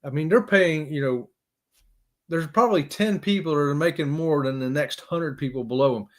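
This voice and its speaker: A fairly high-voiced man chats casually on a live stream. He rambles, chuckles often and calls out to viewers by name. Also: normal speed.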